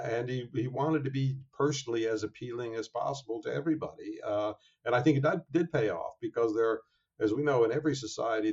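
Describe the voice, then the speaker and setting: A man being interviewed as an author, talking in a measured, thoughtful way with frequent fillers and restarts. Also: medium pitch, a little mellow. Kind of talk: interview conversation. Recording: dull lo-fi sound.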